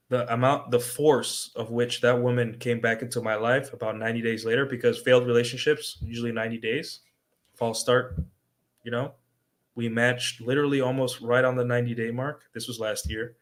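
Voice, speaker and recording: Young guy streaming dating advice, laid back, keeps saying right?, normal pitch. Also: fairly bright tone. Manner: conversational, repeats "right?" as a tag. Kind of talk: casual livestream advice.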